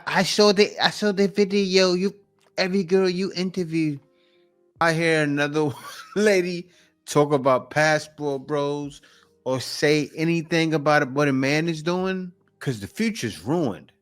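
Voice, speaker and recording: A man's voice: on the high side, lively intonation, measured pace, fairly bright tone, soft background music. A man hosting a reaction video, giving blunt, opinionated casual commentary.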